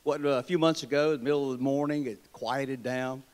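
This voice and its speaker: A man with a Southern US accent addresses a convention crowd from the podium. He tells his stories in a folksy, wry, joking way. His voice sits at an average pitch for a man. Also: steady tone, brisk, a little mellow, smooth. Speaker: state treasurer giving a convention speech. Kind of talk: political speech with folksy storytelling. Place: convention hall.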